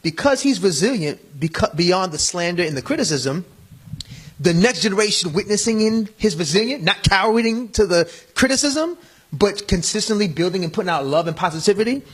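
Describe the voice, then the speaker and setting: A middle-aged man talks earnestly in a casual discussion, with a preachy tone and plenty of repeated words. His voice sits a touch high and has a husky grain. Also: expressive, brisk. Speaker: panel guest.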